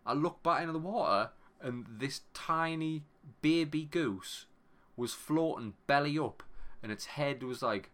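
A man in his thirties, a podcast co-host, telling a story in casual chat, animated and sweary, often breaking off mid-phrase. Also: on the high side, a little slow.

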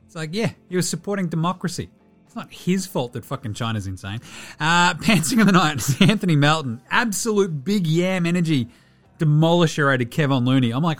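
Australian male podcast host, a bit high-pitched, very lively delivery, foul-mouthed joker, faint music under him. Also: a little fast. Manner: sweary, jokey, rambling banter. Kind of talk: casual sports podcast commentary.

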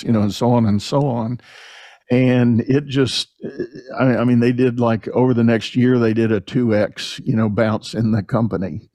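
A male podcast host telling a story in an animated, conversational way, often repeating words as he starts a sentence. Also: mid-range voice, moderate pace, dry recording.

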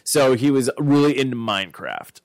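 A man's voice: mid-range voice, big pitch swings, normal speed, no room sound. Podcast co-host: man in his thirties from Arizona, swears a lot, rambles, dry close mic. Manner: rambling, profane storytelling. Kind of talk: casual chat.

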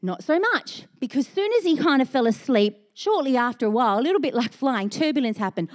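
A woman pastor preaching a sermon in a lively, storytelling way, laced with self-mocking humor. Her voice sits a bit high and swoops widely as she talks. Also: brisk, hardly any pauses.

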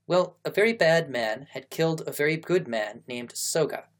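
A man's voice: a little high, lively intonation, moderate pace, voice pushed up, lightly acted. A man voicing a polite, eager Japanese schoolboy in a stilted period-drama accent. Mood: earnest.

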